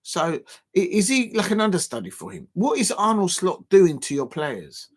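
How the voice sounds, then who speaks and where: A man's voice: sits high, normal speed. Guy doing a live footy watch-along, ranting, voice jumps all over the place. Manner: animated, exasperated ranting at rival fans, bursts into shouting. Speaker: football watch-along host.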